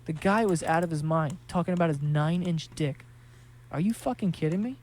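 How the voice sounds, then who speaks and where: A man's voice: on the high side, brisk, a little mellow. A man casually telling a story while playing a game, laughing often and swearing freely. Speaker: gaming streamer.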